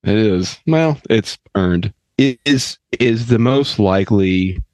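Deep-voiced, dry co-host. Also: male voice, slow pace, a little mellow, dry recording. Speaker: podcast co-host. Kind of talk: casual comedic chat.

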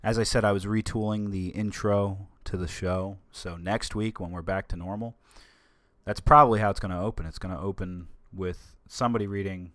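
A man's voice: low voice, steady tone, moderate pace, a bit bright, no room sound. An American man hosting a solo podcast in a casual, rambling way, often stumbling and restarting his sentences. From United States. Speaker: podcast host.

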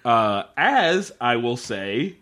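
Man, casual podcast chat, lively swinging pitch, sarcastic, laughs a lot. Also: extremely slow. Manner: animated, sarcastic, swears freely, laughs often. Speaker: podcast co-host. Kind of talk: casual chat recapping a TV episode.

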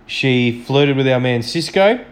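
A man's voice: mid-range voice, lively intonation, unhurried. A man hosting a solo podcast, chatting enthusiastically and a little self-deprecatingly as he reviews an episode from home. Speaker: podcast host. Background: dog snoring.

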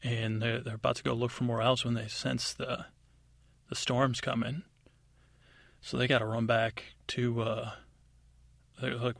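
Male storyteller, rambling and offhand, gravelly tone with a touch of husk, dry close mic, pops into high excited character voices. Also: measured pace, pauses often, dry recording. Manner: rambling, offhand, full of fillers. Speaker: podcast storyteller. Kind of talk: improvised bedtime story narration.

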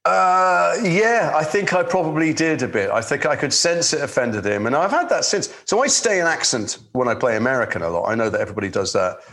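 A man with a London accent, an actor telling anecdotes in relaxed chat, with many restarts. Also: fairly high pitch, brisk, hardly any pauses. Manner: lively storyteller, swears in quotes, many restarts. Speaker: actor guest.

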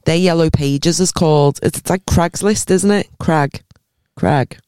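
A woman co-hosting a comedy podcast, chatting casually with blunt, crude banter and quick jokes. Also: fairly low pitch, warm tone, clean tone, no echo, studio quality. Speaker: podcast co-host. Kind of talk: casual chat.

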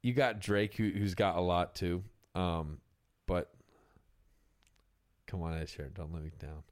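A man's voice: sits low, steady tone, a little slow, a little mellow. A young man hosting a casual podcast chat about music, loose and profane, often trailing off and restarting.

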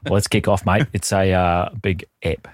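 A man's voice: low voice, little pitch movement, moderate pace, dry recording. An Australian man co-hosting a podcast, chatting casually with laconic, dry asides. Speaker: podcast co-host. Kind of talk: casual chat.

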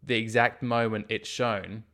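A man's voice: on the low side, little pitch movement, a little slow, vocal fry, a bit bright. A man co-hosting a podcast, dropping dry, teasing quips into the conversation. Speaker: podcast co-host. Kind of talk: casual chat, teasing banter.

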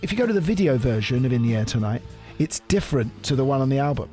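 A man's voice: mid-range voice, very animated, fast talker, warm tone, soft background music. A man hosting a podcast, chatting casually and laughing often. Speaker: podcast host. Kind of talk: casual chat.

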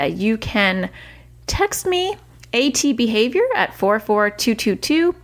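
A woman hosting a solo parenting podcast, giving earnest advice in a chatty way and correcting herself as she goes. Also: on the high side. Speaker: parenting coach and podcast host.

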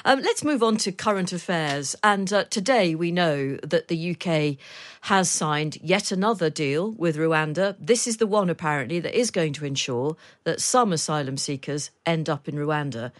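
A woman with a lowish voice hosts a podcast interview. She puts her questions plainly, with a dry, wry edge. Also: moderate pace. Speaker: podcast host. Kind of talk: interviewing a guest.

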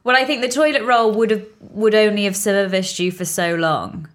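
A woman's voice: mid-range voice, moderate pace. Jokey woman co-host. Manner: reactive, jokey listener. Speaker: podcast co-host. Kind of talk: casual chat.

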